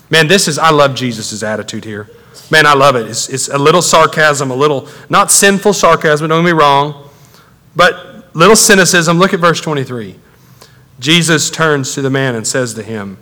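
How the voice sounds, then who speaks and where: A man preaches in a loose, conversational way that keeps building in force. His voice sits a bit high and sounds bright and pushed forward. The long reverb of a large hall trails after his words. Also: normal speed. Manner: animated, conversational preaching with rising intensity. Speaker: pastor. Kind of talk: sermon.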